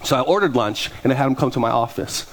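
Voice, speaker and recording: A middle-aged man, a pastor, preaching a sermon through lively personal stories and acting out the people he quotes. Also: mid-range voice, fast. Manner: animated, acts out quoted voices, laughs at his own stories. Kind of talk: sermon storytelling.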